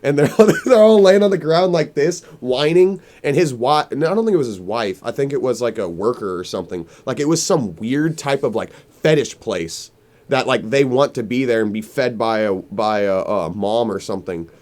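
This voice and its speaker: Young male podcast host, casual rambling storyteller, mid-pitched everyday voice. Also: expressive, moderate pace, darkish tone. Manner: rambling storyteller, heavy on filler "like", laughs often. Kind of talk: casual chat.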